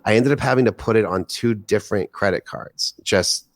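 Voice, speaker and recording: A man in his forties, a podcast guest, telling a long story with excitement, swearing casually and acting out what people said. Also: lowish voice, moderate pace, dry recording, clean studio sound. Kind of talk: animated storytelling in casual chat.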